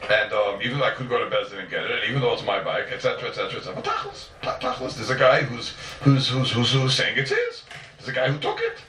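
A man teaches a Talmud class at a quick clip, pressing his points again and again and firing off rhetorical questions. His pitch swings widely as he talks. He is heard from a distance in an echoey room. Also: wildly swooping pitch, pushed and bright, slight background noise. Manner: repeats and restates points emphatically; asks rhetorical questions and answers them.

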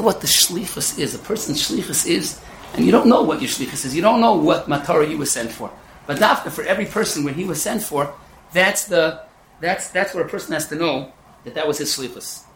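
Bright man lecturing. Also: on the high side, a little hiss or hum. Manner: animated storytelling peppered with Yiddish. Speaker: yeshiva lecturer. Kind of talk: Torah lecture. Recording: echoey room with faint ambience.

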